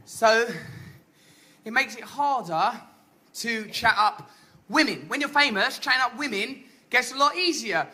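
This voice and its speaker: A man's voice: very high voice, sharp tone. Flamboyant English man doing stand-up. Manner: theatrical, flamboyant, mock-grandiose. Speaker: stand-up comedian. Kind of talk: stand-up comedy routine. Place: comedy stage before a live audience.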